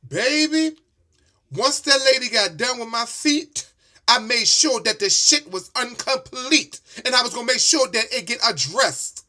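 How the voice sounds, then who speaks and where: A man's voice: very high voice, animated, a little slow, bright, forceful tone. A man telling a story in a sassy, emphatic rant full of swearing. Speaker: vlogger.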